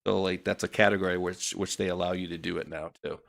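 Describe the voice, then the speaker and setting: A man's voice: deep voice, flat delivery, quick pace, creaky, fairly bright tone. A man with a New England accent hosting a casual talk show, chatty and laid-back, reading news items aloud and laughing often. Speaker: show host. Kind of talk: casual podcast chat.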